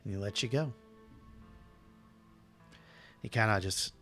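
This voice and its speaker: A man narrating a tabletop game as game master, hesitant and halting but reassuring. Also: on the low side, sharp tone. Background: faint music.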